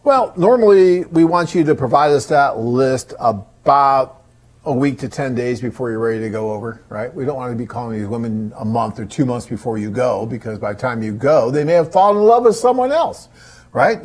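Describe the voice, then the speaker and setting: A middle-aged man with a husky voice hosts a live online Q&A, reading out viewer questions and answering them. He sounds chatty and reassuring, keeps his pitch in a middle range, and uses lots of casual fillers. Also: expressive, fairly quick. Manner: chatty, upbeat and reassuring, with many "you know" fillers.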